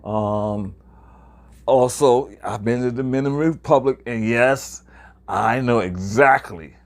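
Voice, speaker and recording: Speaking unhurriedly in a medium-pitched voice, a Harlem, New York man in his 60s chats casually on video with viewers about his travels. His sharing of experiences is rambling and hesitant, full of fillers.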